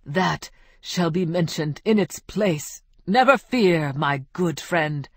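Woman doing a grandiose male biographer, flowery, effusive, low voice, storybook reading. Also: expressive, measured pace, no echo, clean studio sound.

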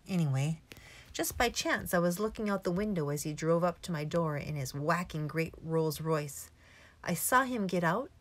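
A woman reading aloud, voicing a mischievous, talkative little old male country doctor. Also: fairly low pitch. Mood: gossipy. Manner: chatty, mischievous storytelling. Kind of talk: audiobook character reading.

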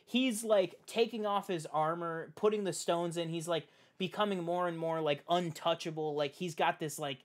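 A man hosting a podcast, chatting casually about films with animated, profane talk full of "like". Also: fairly high pitch, normal speed, few pauses. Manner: animated, profane, heavy use of "like". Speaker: podcast host. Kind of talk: casual film chat.

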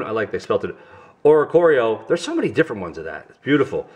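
A man's voice: medium pitch, very animated, fast talker, a little mellow. A middle-aged man from New York with a New York accent, hosting a family vlog and chatting goofily to viewers while opening trading cards. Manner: goofy, chatty, talks straight to viewers. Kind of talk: casual card-opening vlog.

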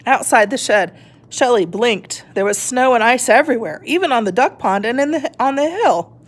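A woman reading a children's picture book aloud in a gentle, expressive way. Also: a little high, moderate pace. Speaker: storybook reader. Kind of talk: children's story read-aloud.

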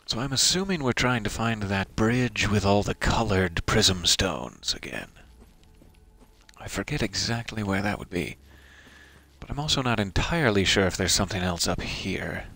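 A man playing through a video game, talking it over in a musing, wry, soft-spoken way. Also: lowish voice, lively intonation, moderate pace. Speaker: game streamer. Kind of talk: let's play commentary.

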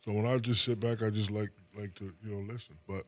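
A man from New Jersey, a guest in a casual interview, talking in a relaxed way and often repeating his first words. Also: on the low side, quick pace.

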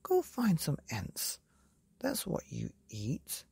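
A woman voicing a spoiled young boy who shouts orders, in a bedtime story. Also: low-pitched, wildly swooping pitch, takes it slowly, gravelly, breathy edge, pitched above the performer's own voice, full character voice. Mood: bossy. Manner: bossy and shouting.

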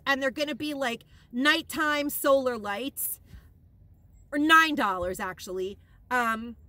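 A woman in a casual shopping haul vlog, gushing and rambling with excitement, emotional and near tears at times. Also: high voice, no echo. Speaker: haul vlogger.

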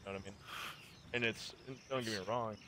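A man's voice: on the low side, fairly even intonation, quick pace, crowd noise. A man in casual voice chat with fellow gamers, explaining at length and swearing often.

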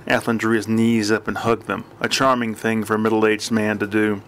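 A man reading an audiobook in dry, even scripted narration. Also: on the low side, normal speed, a little hiss or hum.

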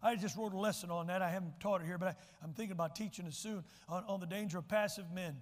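Man, pastor, sermon, high voice, long church reverb. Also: fairly even intonation, fast talker. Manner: folksy, emphatic, repeats words when restarting. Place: church sanctuary.

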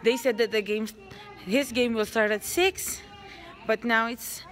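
A woman's voice: fairly high pitch, fairly even intonation, unhurried, fairly bright tone. A young woman, a mother chatting casually to the camera and coaxing her small kids. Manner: talks to her small children in a soothing, coaxing way. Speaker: vlogger and mother. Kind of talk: casual family vlog chat.

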